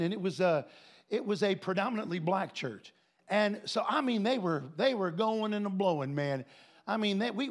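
A man preaching a sermon in a high, gravelly voice. He moves from folksy, joking asides to shouted declarations. His delivery is loose and conversational between the loud peaks. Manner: swings between quiet asides and shouted proclamation.

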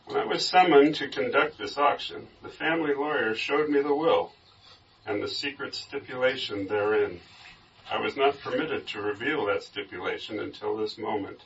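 A man reading the part of a calm, formal auctioneer in measured tones, recorded from a distance with a dull sound. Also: mid-range voice, vocal fry.

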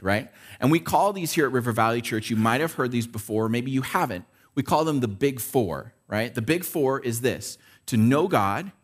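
Man preaching in a chatty, conversational way. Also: mid-range voice. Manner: conversational preaching with frequent "right?" check-ins. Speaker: pastor. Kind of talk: sermon.

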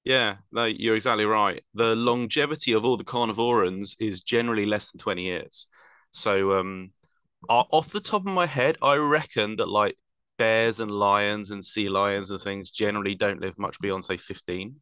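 A man's voice: on the low side, steady tone, normal speed, sharp tone, smooth, dry recording. A man explaining wildlife at length in casual chat, rambling with fillers and self-corrections.

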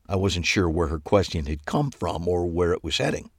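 Low-voiced man narrating an audiobook. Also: expressive, moderate pace, hardly any pauses, no echo, studio quality. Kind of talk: first-person scripted narration.

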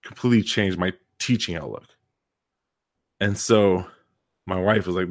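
Co-hosting a laid-back podcast, a fairly low-voiced man who coaches and teaches PE spins out a long story at an unhurried pace. His delivery is emphatic, and he frequently repeats words to stress them.

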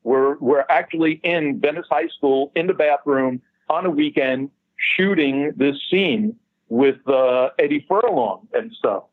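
A special effects man telling a story in a casual, animated way and acting out the people he quotes. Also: mid-range voice, a little slow, no echo. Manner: animated, acts out quoted voices, swears casually. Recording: dull dry lo-fi sound.

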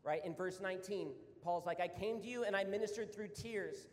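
A man preaching a sermon as pastor, talking conversationally and then building to fervent emphasis. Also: brisk. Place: church hall. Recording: roomy hall reverb, faint rumble.

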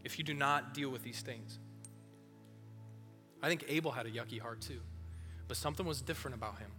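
A youth pastor preaching a sermon in a casual, animated way, talking straight to the room. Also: male voice, medium pitch, brisk. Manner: animated, casual, direct address. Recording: long hall reverb, faint music.

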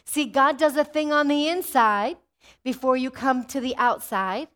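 A high-pitched woman delivers a sermon in a church. Her delivery is animated, and she keeps drawing the congregation in between points. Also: measured pace. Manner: animated, calls out "Amen?" to the congregation. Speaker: preacher.

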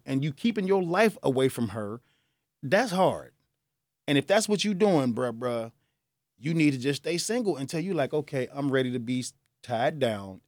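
A man hosting a radio advice show, talking in a lively, folksy way. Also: on the high side, dry recording, clean studio sound. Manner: lively, folksy, laughs at himself. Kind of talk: casual advice talk. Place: radio studio. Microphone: studio mic.

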